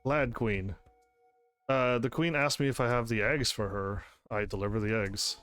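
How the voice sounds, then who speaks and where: A man's voice: medium pitch, steady tone, normal speed, a bit bright, no room sound, soft background music. A man streaming a game who chats to his audience, laughs often, and reads the game's narration aloud. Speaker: gaming streamer. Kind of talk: casual game commentary.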